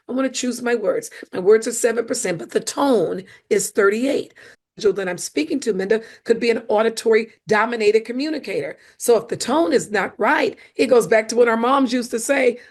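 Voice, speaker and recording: Pitched on the high side, this woman's voice belongs to a coach and speaker guesting on a podcast. She talks about communication animatedly, stressing points and performing examples.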